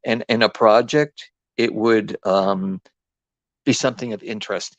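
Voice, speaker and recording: A man's voice: on the low side, steady tone, a little slow, dry recording, dull audio. A man with an East Coast accent hosting a live craft demo, rambling and chatty with lots of ums and restarts. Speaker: craft host.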